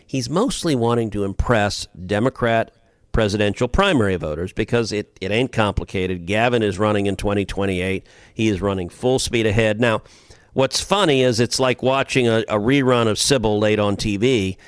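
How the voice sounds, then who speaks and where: A man's voice: lowish voice, moderate pace, clear, resonant tone, dry recording, studio quality. A man giving political commentary as a podcast co-host, emphatic and argumentative, often repeating words as he starts a phrase.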